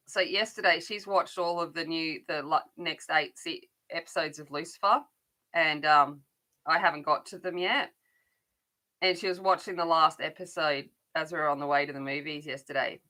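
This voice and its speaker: Bright-voiced chatty middle-aged woman. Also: low-pitched, moderate pace. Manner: chatty and rambling, frequent restarts. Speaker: adult colouring channel host. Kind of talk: casual chat while colouring.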